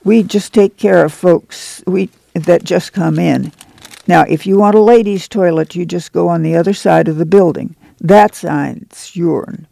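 Storybook old man over 60, stern then kindly, dark gravelly drawl, read by a man. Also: sits high, unhurried, dry recording, exaggerated voice. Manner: harsh rural drawl. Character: stern elderly camp man, proud, softening.

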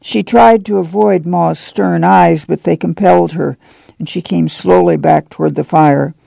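A man narrates a novel aloud in a measured, steady way. His voice is slightly high, very gravelly and mellow. The sound is dry and close. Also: dry recording. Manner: measured storytelling with slips he corrects. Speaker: audiobook narrator. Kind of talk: scripted narration.

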